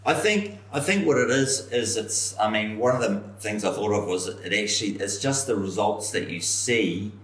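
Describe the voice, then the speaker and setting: A middle-aged pastor with a lower voice tells his story with animation, slipping into the voices of the people in it. He sits some way back from the microphone, and the room rings with echo. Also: lively intonation, moderate pace, few pauses, a bit bright. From New Zealand. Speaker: senior pastor. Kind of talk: storytelling in a podcast conversation. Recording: roomy echo, somewhat far from mic.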